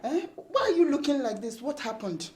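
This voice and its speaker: An anxious pleading sister. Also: female voice, high voice, very animated, moderate pace. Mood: alarmed. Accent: Nigerian English. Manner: urgent pleading, then hushed soothing.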